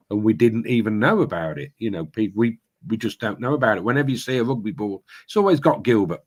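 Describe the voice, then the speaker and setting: A man's voice: fairly low pitch, fairly quick. A man telling a rambling anecdote on a video call, acting out the voices of the people in his story. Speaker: party candidate.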